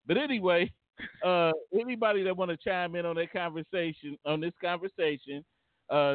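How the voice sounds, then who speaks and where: A man's voice: fairly high pitch, dry recording. A man hosting a casual call-in talk show, stammering and repeating words as he goes. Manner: halting, repeats words, laughs often. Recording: tinny phone-like line, dry.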